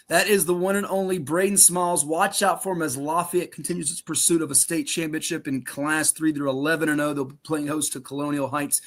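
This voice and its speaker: Fast-talking upbeat man hosting. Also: fairly high pitch, a bit bright. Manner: quick, upbeat, rapid-fire questions. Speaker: podcast host. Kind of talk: sports podcast interview.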